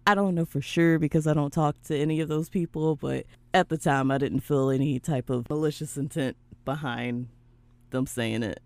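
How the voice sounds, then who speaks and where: A young woman from the American South hosting a casual podcast chat, animated and prone to mimicking other people's voices. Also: deep voice, normal speed, no echo. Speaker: podcast host.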